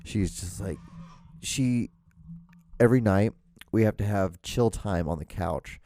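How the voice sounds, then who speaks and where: A man talks through a casual solo podcast in a low, mellow voice. He rambles, cuts himself off and starts over, and drops a swear word now and then. The sound is dry and close, with no room echo. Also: moderate pace. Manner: rambling, self-interrupting, with frequent restarts and swearing. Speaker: podcast host. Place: small room at home. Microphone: podcast microphone.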